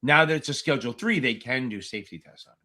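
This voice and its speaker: A man's voice: medium pitch, animated, quick pace, bright, forceful tone. A man tutoring exam candidates on a livestream Q&A, speaking bluntly and with frequent swearing. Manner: blunt, profane, emphatic. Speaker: exam tutor hosting a live Q&A. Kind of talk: livestream Q&A chat.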